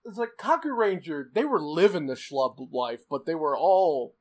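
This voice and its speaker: A man in casual chat, rambling excitedly with frequent laughs and fillers. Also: a little high, normal speed.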